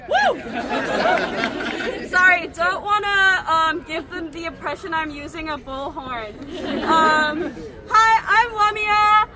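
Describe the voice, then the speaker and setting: A woman's voice: extremely high pitch, slow pace, very noisy. Young woman student, nervous and earnest. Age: young adult. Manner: nervous, warm, filler-laden, emotional. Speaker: student speaker. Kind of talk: personal storytelling at a rally. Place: outdoor campus green. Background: crowd.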